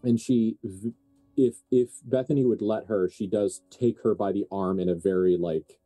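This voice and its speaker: A man narrating as game master of a tabletop horror game, animated and quick to laugh. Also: lowish voice, faint music behind.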